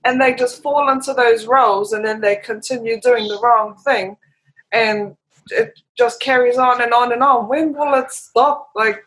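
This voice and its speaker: Guest, female, New Zealand accent, high voice, earnest animated chat. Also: unhurried, poor audio. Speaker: podcast guest. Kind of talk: casual chat.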